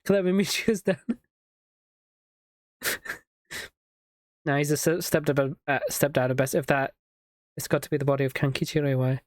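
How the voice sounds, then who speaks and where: Streamer, reading game dialogue aloud, quick, joking, dry close recording. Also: medium pitch, steady tone, dry recording. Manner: reads lines quickly, laughs and riffs.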